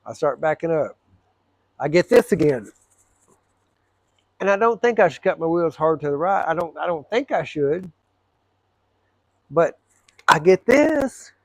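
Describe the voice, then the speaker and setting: A man, a truck driver, telling a story casually to camera, animated and profane, acting out both sides of an argument. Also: fairly high pitch, a little slow, vocal fry, long pauses, no room sound.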